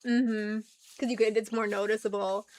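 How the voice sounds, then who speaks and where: A woman's voice: medium pitch, little pitch movement, normal speed, darkish tone, no echo, rough recording. A woman co-hosting a podcast in casual chat, sympathetic and swearing casually. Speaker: podcast co-host.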